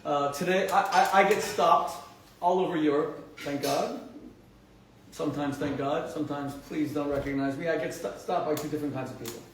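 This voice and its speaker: A man with a fairly high voice hosts his own show as a rabbi, telling stories with fervent emphasis. He trips and restarts often, and his pitch jumps when he drives a point home. He sits back from the microphone in a strongly reverberant room, with faint noise underneath. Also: fairly quick, recorded from a distance. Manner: animated, emphatic, rises sharply in pitch when stressing points, frequent restarts. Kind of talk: impassioned storytelling monologue.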